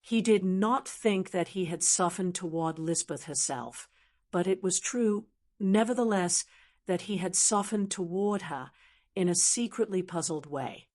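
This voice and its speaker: Low-pitched synthetic woman narrator. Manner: even, measured synthetic delivery. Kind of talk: scripted narration.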